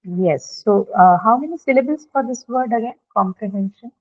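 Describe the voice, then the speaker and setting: A woman's voice: fairly high pitch, moderate pace. A woman teaching English pronunciation in a class, explaining patiently step by step and often checking with her students. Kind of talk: online classroom lecture. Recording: tinny phone-like line.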